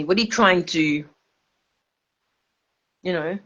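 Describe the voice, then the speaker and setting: A woman's voice: lowish voice, measured pace, fairly bright tone, highs cut off. A drunk woman, rambling and swearing emphatically on a livestream, stumbling over her words.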